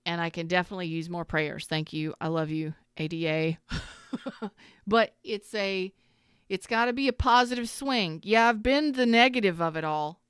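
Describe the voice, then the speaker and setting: A woman's voice: on the low side, moderate pace, fairly bright tone, smooth, dry recording, clean studio sound. A middle-aged woman, a tarot reader, talking casually and candidly to her viewers, swearing freely and rambling through asides.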